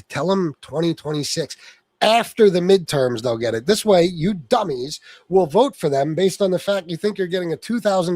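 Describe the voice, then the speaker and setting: Guy ranting on his politics stream, swearing at chat, kinda higher voice, dry no room sound. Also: a little mellow, no room sound. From Sicilian heritage. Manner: angry, profane ranting at viewers. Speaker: political livestream host. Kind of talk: livestream commentary reading chat.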